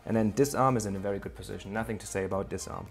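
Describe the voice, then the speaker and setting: A man's voice: lowish voice, rapid-fire, gravelly, faint music behind. A man teaching surfskate bowl technique in a tutorial, explaining moves step by step and speaking directly to the viewer. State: out of breath. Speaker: surfskate coach. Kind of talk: instructional video tutorial. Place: outdoor skate bowl, then home office.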